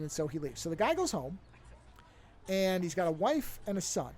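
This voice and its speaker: A man's voice: high-pitched, big pitch swings, a little fast, darkish tone. A man co-hosting a podcast, casually retelling a film plot in a rambling way and correcting himself as he goes. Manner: rambling storyteller, corrects himself mid-story. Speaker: podcast co-host.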